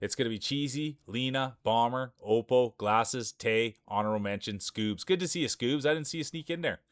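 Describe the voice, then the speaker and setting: A man calls a marble race live on stream in an energetic, joking hype-man manner. His voice is of middling pitch and sounds dry and close, with hardly any room sound. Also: moderate pace, clear, resonant tone, dry recording.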